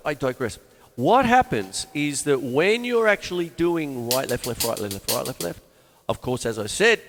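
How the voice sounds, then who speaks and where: A man's voice: medium pitch, very animated, moderate pace. A man hosting a live drum lesson, talking through sticking patterns while he plays. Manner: rambling, explains sticking patterns aloud. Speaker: drum teacher and show host. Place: room with a drum kit. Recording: long reverb, faint music behind.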